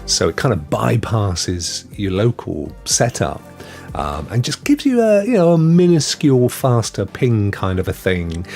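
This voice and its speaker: Brief: male streamer, low-set voice that swings widely, loose rambling chat, faint music behind. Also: big pitch swings, unhurried, darkish tone. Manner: chatty, rambling, greets viewers by name. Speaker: host. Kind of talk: casual livestream news chat.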